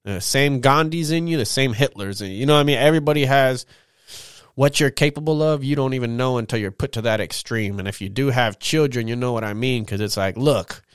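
On his podcast, a young host rambles openly, swearing often and tacking a stretched-out "man" onto his lines. His smooth, medium-pitched voice comes through as clean studio sound with no echo.

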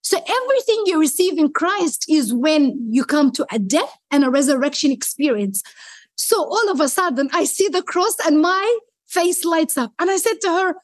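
A woman sharing a faith story in an interview, animated and excitable, acting out both sides of each conversation. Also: moderate pace, no room sound. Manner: excitable, acts out dialogue with rising pitch. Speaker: guest sharing a faith testimony.

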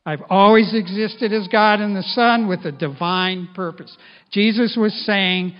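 A middle-aged male pastor preaching a sermon in an animated way, at times speaking in the first person as Jesus. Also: sits high, measured pace. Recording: dull lo-fi sound.

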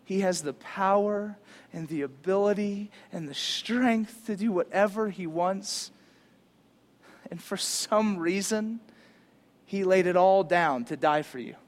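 A male pastor preaching a sermon in an animated, casual, conversational way, using slang. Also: high-pitched, slow.

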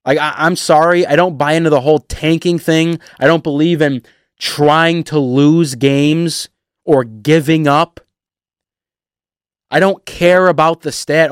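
An animated man vents about his home team in a sarcastic, worked-up sports rant. His voice sits fairly high for a man. The recording is dry, with no room sound. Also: unhurried, clean tone, no echo. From Detroit area. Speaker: sports fan vlogger. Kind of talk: ranting sports commentary.

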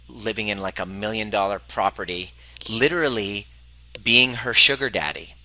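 A man hosts a podcast, earnestly recounting a personal coaching story and acting out his client's lines. His voice is low, pushed and bright.

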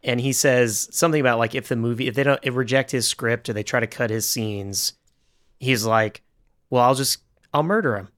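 A man co-hosting a film podcast, calmly retelling scenes and quoting characters. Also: medium pitch, fairly quick. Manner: relaxed storyteller, retells scenes in quoted voices. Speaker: podcast co-host. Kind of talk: casual film discussion.

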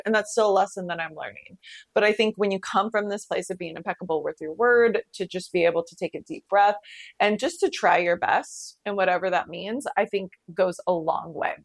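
A young woman hosting a podcast, telling a personal story in a candid, animated way. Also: medium pitch, dry recording. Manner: candid, animated storytelling with frequent laughs and swearing. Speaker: podcast host. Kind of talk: casual personal monologue.

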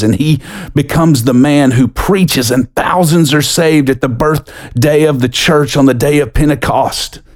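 A middle-aged American man preaching a sermon as a pastor, earnest, lifting his voice when stirred and dropping low and soft for scripture. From United States. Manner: earnest, builds with rising pitch and quickens when excited.

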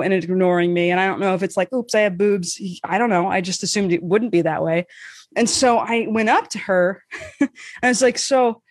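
A woman co-hosting a podcast, telling a story in casual chat, animated and swearing freely, acting out the voices she quotes. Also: mid-range voice, no echo, clean studio sound. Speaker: podcast co-host.

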